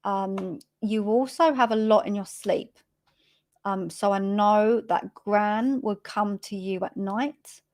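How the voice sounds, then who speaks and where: A woman giving a live psychic reading, hesitant and chatty, filling pauses with many ums. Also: medium pitch, darkish tone. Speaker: spiritual medium giving readings.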